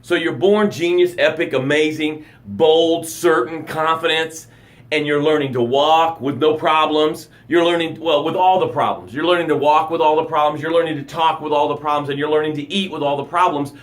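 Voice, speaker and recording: A middle-aged man, a life coach, giving a dramatic motivational live broadcast to his camera. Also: fairly high pitch. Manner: dramatic, animated delivery with acted-out sounds and gasps. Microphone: camera for a live stream.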